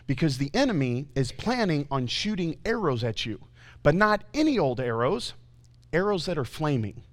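A man's voice: a little high, normal speed. A man preaching a conversational sermon in a church, telling stories and talking back and forth with the congregation. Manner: conversational, animated storytelling with audience asides. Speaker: pastor.

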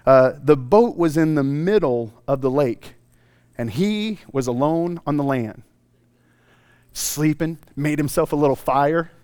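A man preaching a sermon as a pastor, telling the story in a comic, animated way with playful asides. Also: on the high side, unhurried, clear, resonant tone, no room sound. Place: church sanctuary.

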